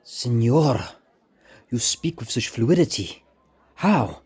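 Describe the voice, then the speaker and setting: A man voicing an elderly male Spanish merchant with a Spanish accent, slow and lilting. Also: medium pitch, lively intonation, a little mellow, slightly rough, full character voice. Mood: amazed.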